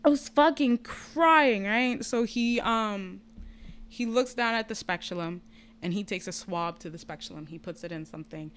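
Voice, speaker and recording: A woman's voice: medium pitch, moderate pace, a little hiss or hum. A woman telling a personal story in casual chat, candid and profane. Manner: candid, profane, lively retelling.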